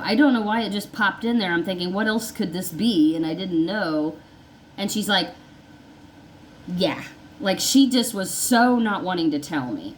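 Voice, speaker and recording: A woman vlogger with a voice on the low side tells her own story in a rambling, conversational way. She repeats herself and often acts out what people said, and the poor audio has slight background noise.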